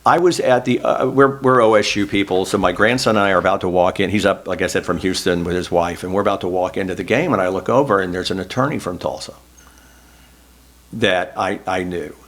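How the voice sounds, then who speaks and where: Reflecting back in an oral history interview, this middle-aged Oklahoman and former state senator shares earnest stories at his own expense. His voice is deep and a bit bright, and he talks briskly.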